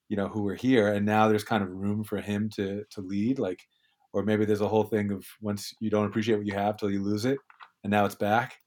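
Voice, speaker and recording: A man co-hosting a sports podcast, chatty and rambling, often restarting his sentences. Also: lowish voice. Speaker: podcast co-host. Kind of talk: casual sports podcast chat.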